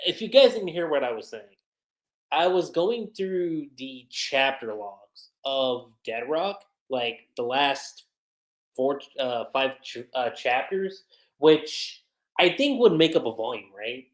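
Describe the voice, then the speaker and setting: A streamer hosting a casual livestream review of a manga chapter, talking in a chatty, animated way with lots of fillers. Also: medium pitch, slow pace. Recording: roomy echo.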